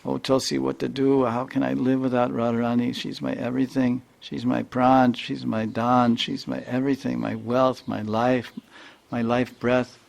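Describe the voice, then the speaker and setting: A man's voice: medium pitch, flat delivery, normal speed, gravelly, voice pushed up. A man voicing a lovesick young man. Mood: lamenting. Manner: soft plaintive lament. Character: lovesick young man pining for his beloved.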